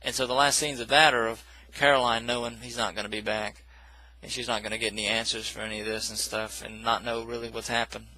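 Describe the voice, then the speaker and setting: A man's voice: medium pitch, little pitch movement, quick pace, few pauses, sharp tone, rough recording. A man casually recapping a film plot in a rambling, self-correcting way, with dismissive asides. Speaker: movie reviewer.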